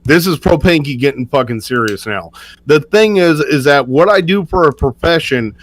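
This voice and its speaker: A man's voice: a little high, lively intonation, normal speed, no echo, low-quality recording. A man on a live stream panel delivering an angry, profane tirade. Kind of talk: heated live-stream argument.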